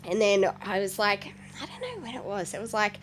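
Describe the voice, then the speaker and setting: A woman's voice: mid-range voice, big pitch swings, brisk, a little hiss or hum. An Australian woman in her late twenties, a podcast guest telling her story in casual chat, frank and blunt, swearing freely and peppering her talk with fillers.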